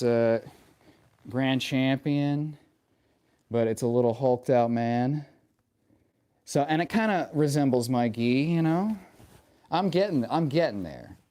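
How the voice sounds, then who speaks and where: Guy streaming and chatting with viewers, rambles a lot, swears, lots of likes and you knows, mid pitch. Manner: rambling and profane, with frequent fillers; animated and passionate when ranting. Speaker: live streamer. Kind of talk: casual live-stream chat answering viewers.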